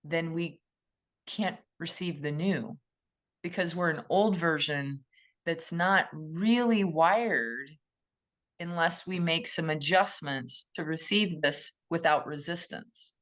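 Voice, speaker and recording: A woman co-hosting a podcast, speaking in a thoughtful, gently emphatic way and often posing questions to herself. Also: low voice, takes it slowly. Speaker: podcast co-host. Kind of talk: reflective conversational podcast talk.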